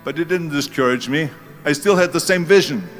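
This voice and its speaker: A man's voice: fairly high pitch, fairly quick, soft background music. A man in his seventies with a German accent, giving a motivational speech as emphatic storytelling that leans hard on key words. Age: 70s. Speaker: speaker.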